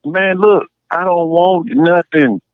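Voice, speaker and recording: A man calling into a podcast, telling stories in an animated, emphatic way. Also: sits high, slow pace, dry recording. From Champaign, Illinois area. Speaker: caller. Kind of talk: casual call-in chat. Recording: tinny dry phone line.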